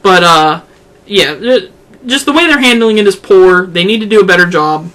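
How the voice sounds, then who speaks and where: High-voiced man chatting about games. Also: expressive, normal speed, pushed and bright, slight background noise. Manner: chatty, lots of "like" fillers. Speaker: podcast co-host. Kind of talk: casual chat.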